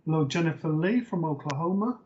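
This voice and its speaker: A man hosting a live online psychic reading show, talking in a relaxed way with many fillers. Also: a little high, fairly quick. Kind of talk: live-stream host talk. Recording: dull lo-fi stream audio.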